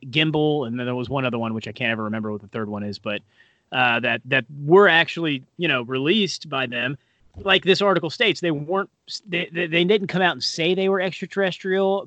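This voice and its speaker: A man's voice: medium pitch, a bit bright, dry recording, lo-fi sound. A man co-hosting a podcast in casual, rambling chat, full of fillers and self-deprecating asides. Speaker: podcast co-host.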